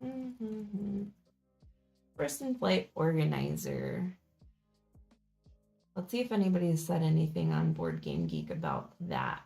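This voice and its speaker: A young woman chatting through a live-stream board game unboxing, thinking aloud and laughing softly as she goes. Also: deep voice, very animated, takes it slowly, vocal fry, long pauses, soft background music.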